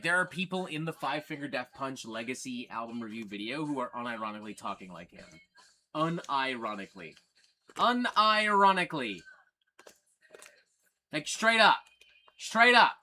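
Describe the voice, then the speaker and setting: A man hosting a metal livestream, talking casually, blunt and heavily profane, ranting at times and getting excited as he shows off records. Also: medium pitch, slight background noise. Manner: excitable while showing records. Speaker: metal channel host.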